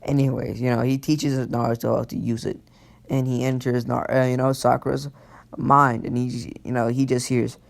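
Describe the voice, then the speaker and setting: A man's voice: mid-range voice, level tone, normal speed, gravelly. A man casually retelling a fan story, rambling with many fillers.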